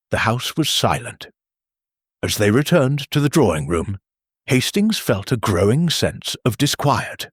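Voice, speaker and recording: A man narrating a mystery audiobook in a measured storytelling manner. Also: medium pitch, big pitch swings, breathy edge, dry recording, clean studio sound.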